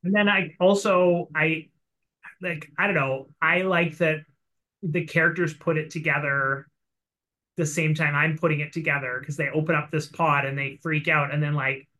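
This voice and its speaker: Bright-voiced, rambling man chatting. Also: a little high, normal speed, rough recording. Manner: rambling, animated retelling with quoted voices. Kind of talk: casual chat about a comic.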